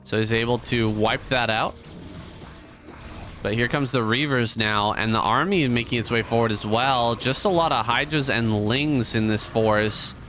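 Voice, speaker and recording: A man giving relaxed, conversational play-by-play commentary on a strategy game match, with casual asides. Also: mid-range voice, normal speed, slight background noise. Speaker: esports caster.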